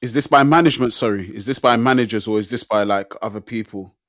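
A man's voice: lowish voice, fast talker, fairly bright tone, dry recording, clean studio sound. A man, asking probing questions in a casual chat. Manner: probing, asks questions, slangy.

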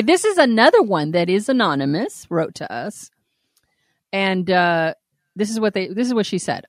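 A woman's voice: lowish voice, dry recording, clean studio sound. Laughing woman reading listener letters. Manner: laughs often, animated and blunt. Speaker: podcast co-host. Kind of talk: casual chat, reading listener letters aloud.

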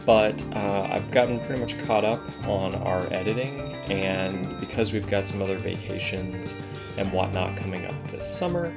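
A man's voice: low voice, moderate pace, gravelly, over loud music. A man hosting a tabletop game podcast, chatting casually and reading the show outro. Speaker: podcast host and player.

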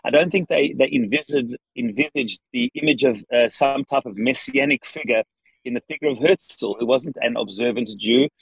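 A man with a South African accent, a podcast guest answering questions earnestly from his parked car, with frequent restarts and pauses. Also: mid-range voice, breathy edge, no echo, low-quality recording. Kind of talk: thoughtful interview answers.

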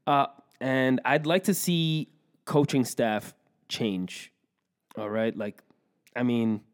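A man co-hosting a casual hockey chat, his voice sitting at an ordinary middle pitch. He talks bluntly and with strong opinions, dropping jokes and teasing his co-host along the way. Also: fairly even intonation, takes it slowly, clear, resonant tone.

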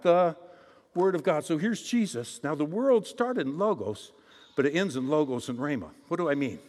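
A man preaches a sermon in a notably high voice, swinging from loud proclamations to hushed asides. He keeps prompting his listeners to call back to him. A long reverb trails his voice through a large hall. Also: expressive, normal speed. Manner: calls for audience responses.

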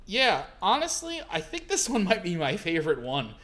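Animated male co-host with a bright, lively voice that swings in pitch, laughs a lot. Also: normal speed. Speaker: podcast co-host. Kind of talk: casual chat about manga.

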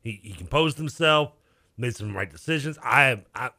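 Bright, excitable sports radio co-host. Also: male voice, medium pitch, normal speed, dry recording, clean studio sound. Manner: excitable, laughing, emphatic. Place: radio studio. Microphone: studio microphone.

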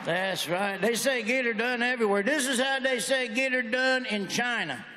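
A man's voice: very high voice, normal speed, pushed and bright, a faint crowd. Man, stand-up comedian, punchy one-liners, echoey venue, faint background hum. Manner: folksy, brash storytelling with punchy one-liners. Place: stage in a large venue. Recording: echoey hall with faint ambience.

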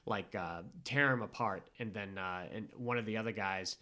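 Animated rambling man with a bright edge. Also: fairly low pitch, moderate pace. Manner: rambling, animated storytelling with many fillers. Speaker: podcast co-host recapping a film. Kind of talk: casual chat.

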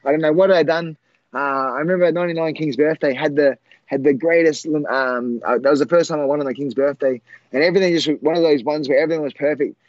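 Halting, higher-voiced man telling fight stories. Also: no echo, dull audio. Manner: rambling, halting with many fillers and restarts. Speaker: former fighter guest. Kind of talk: casual storytelling.

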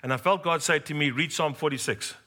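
Middle-aged male pastor; humorous storytelling sermon, bright tone, addresses the congregation directly. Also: a little high, fairly quick, slight background noise. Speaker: preacher.

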